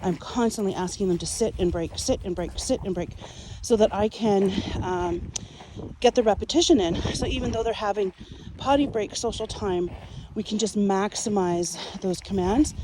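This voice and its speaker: A woman dog trainer talks through her methods out in a yard, her explanations steady and her commands to the dogs jumping up high and cheerful. Her voice sits at a medium pitch. Steady outdoor noise runs under the whole noisy recording. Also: moderate pace. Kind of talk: casual training demonstration.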